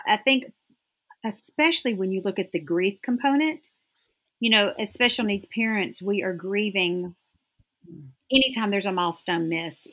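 Husky-voiced woman sharing earnest testimony. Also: mid-range voice, a bit bright. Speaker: guest. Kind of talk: faith-based interview conversation.

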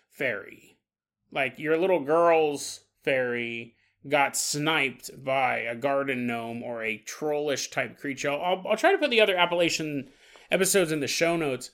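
A man hosting a podcast, retelling a story in a casual, animated way and acting out the people he quotes. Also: on the high side. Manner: animated, acts out quotes with playful voices. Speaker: podcast host.

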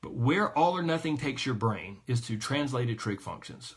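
A man's voice: fairly high pitch, big pitch swings, normal speed, few pauses, sharp tone. A man coaching a weight loss group, talking energetically and emphatically to his listeners.

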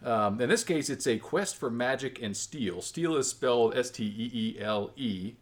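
A man's voice: mid-range voice, lively intonation, moderate pace. A man hosting a family tabletop game podcast, chatting casually and rambling with many self-corrections. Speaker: podcast host and game master. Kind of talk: casual chat.

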